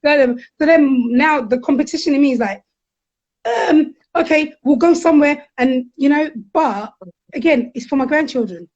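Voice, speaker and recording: Animated high-voiced woman, frank and lively. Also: dull audio. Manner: animated, frank, quick to act out quotes. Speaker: guest counsellor. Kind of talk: candid conversational storytelling.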